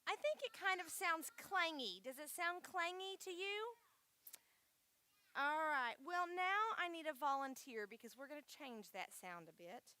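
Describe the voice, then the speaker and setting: A woman's voice: high voice, animated, unhurried, bright, forceful tone. A woman leading a children's church lesson, upbeat and coaxing, often saying "all right". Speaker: Vacation Bible School leader.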